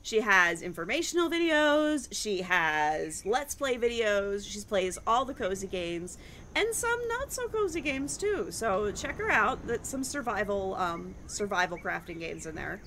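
A woman's voice: mid-range voice, big pitch swings, unhurried, fairly bright tone, a little hiss or hum. A woman in her thirties, a game streamer, chatting in a bubbly, casual way with many fillers as she wraps up a live stream.

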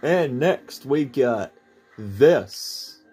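A man's voice: medium pitch, lively intonation, very slow, darkish tone, breathy edge, faint music behind. A man giving playful, joking commentary while playing a video game. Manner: playful, jokey, talks to himself while playing. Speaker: gameplay commentator. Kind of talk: let's play commentary.

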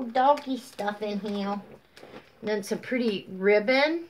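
Slow, gushing woman. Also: mid-range voice, a little hiss or hum. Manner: gushing, drawn-out and sweet. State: sleepy, yawning. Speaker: craft vlogger. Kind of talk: casual show-and-tell chat.

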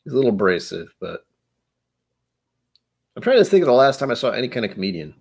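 A man's voice: mid-range voice, big pitch swings, fast talker, vocal fry, a little mellow, slightly rough. A man hosting a casual chat, rambling and self-mocking, who now and then slips into joke accents. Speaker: host.

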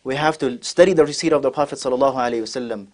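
A man giving a sermon at a workshop, retelling a story with lively acted dialogue and Arabic quotations. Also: medium pitch, rapid-fire. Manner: acts out characters' lines, mixing in Arabic quotes. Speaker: scholar giving a talk.

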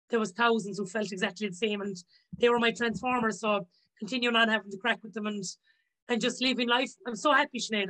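Woman guest, heartfelt and upbeat, a bit high. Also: a bit bright, low-quality recording. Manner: upbeat, heartfelt, acts out quoted speech. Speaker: podcast guest. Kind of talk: casual interview chat.

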